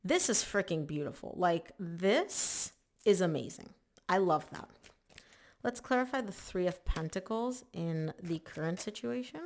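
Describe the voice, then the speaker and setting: Gravelly-voiced chatty woman reading tarot. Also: fairly low pitch, lively intonation, unhurried, darkish tone. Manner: chatty and emphatic, lots of "like" and "oh my gosh". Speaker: tarot reader. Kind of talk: casual spoken tarot reading.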